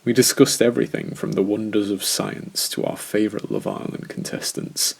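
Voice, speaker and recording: A man narrating a first-person horror story in a slow, measured, scripted way. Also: on the low side, steady tone, gravelly, darkish tone, breathy edge.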